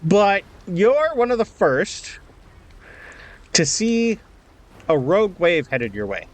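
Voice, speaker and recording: A man narrating as game master of a tabletop game, explaining rules in a relaxed way with fillers. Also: high voice, slow.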